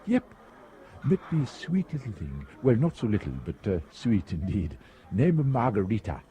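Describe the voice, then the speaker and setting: A man's voice: on the low side, big pitch swings, unhurried, warm tone, voice pushed up. A man putting on a jaunty Irish charmer.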